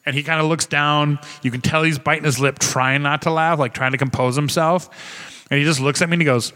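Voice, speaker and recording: Casual podcast co-host, male, bright and punchy, profane, animated storyteller. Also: on the high side, brisk. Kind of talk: casual chat.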